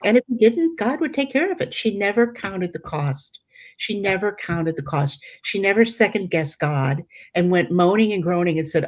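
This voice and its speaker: Speaking at an ordinary pace in a lively, medium-pitched voice, this middle-aged woman gives casual religious teaching as the leader of a Catholic prayer study. She talks chattily, often restarting and using fillers, and performs the quoted voices as she goes.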